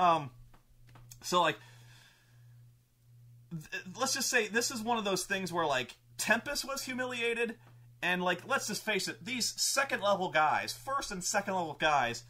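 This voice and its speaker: A man, a game master, telling a tabletop campaign story in an animated, profane, casual way. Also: sits high, measured pace. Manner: animated, profane, acts out characters.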